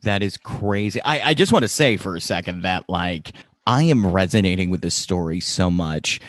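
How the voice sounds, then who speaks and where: A young man hosting a podcast, speaking eagerly and casually with plenty of "like" and "um". His voice is on the low side, recorded dry and close with no room sound. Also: animated, normal speed, no room sound. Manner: eager, many fillers like "like" and "um". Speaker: podcast host. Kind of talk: casual interview chat.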